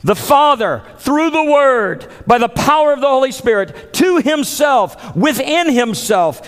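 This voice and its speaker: A man's voice: extremely high pitch, big pitch swings, unhurried, fairly bright tone. A man pastor preaching a dramatic sermon, acting out the voices of biblical figures. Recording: long hall reverb.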